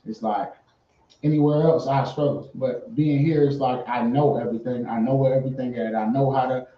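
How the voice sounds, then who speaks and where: A man's voice: medium pitch, fairly quick, highs cut off. Emphatic man, distant roomy sound. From Fayetteville, born in Savannah, Georgia. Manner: animated, emphatic, swears freely. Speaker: guest artist. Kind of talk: casual interview chat.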